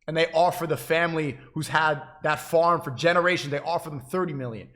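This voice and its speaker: A man's voice: on the high side, fairly even intonation, fairly quick, a bit bright. A man livestreaming, giving an insistent, preachy monologue to his chat, often repeating and restarting his phrases.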